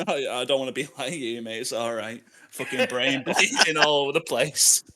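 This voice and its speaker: A man co-hosting a podcast from his home office, ranting in loud, sweary mock outrage and laughing as he goes. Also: mid-range voice, moderate pace. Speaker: podcast co-host. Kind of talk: casual chat. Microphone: home office mic.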